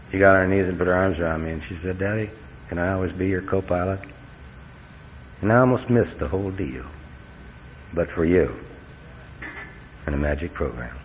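A middle-aged man giving a folksy, earnest personal talk as a recovery meeting speaker, with wry humor. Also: low-pitched. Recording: dull lo-fi recording with faint hiss.

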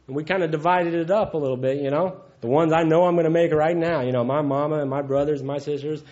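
A man's voice: fairly high pitch, steady tone, fast talker, darkish tone. A man gives a heartfelt, folksy personal testimony at a recovery meeting, often chuckling. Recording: dull lo-fi recording.

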